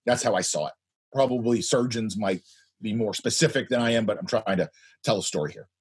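A man in his fifties, a guest telling a story in a loud, animated way. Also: lowish voice, a little fast, slightly rough. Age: 50s. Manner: animated, speaks loudly. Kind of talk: anecdotal storytelling.

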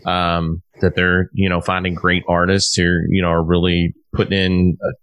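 Low-voiced man rambling in casual chat. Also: monotone, moderate pace, fairly bright tone, smooth, dry recording. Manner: rambling and profane, with many restarts. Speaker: podcast host, musician.

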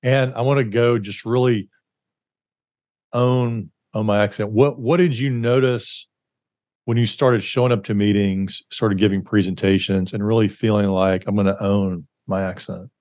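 A man's voice: on the low side, steady tone, normal speed, a little mellow, no room sound, clean studio sound. A man hosting an interview, asking rambling questions and affirming his guest. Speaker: podcast host. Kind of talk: interview conversation.

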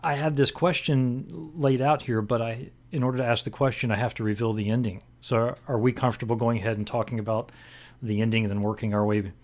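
Guy hosting a movie podcast, kinda rambly, lots of uhs and restarts, average pitch. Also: steady tone, a little fast, a little mellow. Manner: rambling, full of fillers and restarts. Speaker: podcast co-host leading discussion. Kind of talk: casual film discussion.

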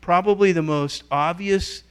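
A middle-aged man with a high-sitting, clean-toned voice speaks a little slowly as a guest teacher to a church gathering. He tells animated stories, leaning into quoted voices and varying his delivery.

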